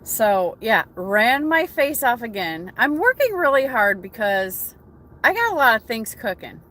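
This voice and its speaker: A woman's voice: on the high side, bright, forceful tone. An American woman hosting a casual morning coffee chat from her truck cab, greeting viewers by name. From United States. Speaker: trucker livestream host.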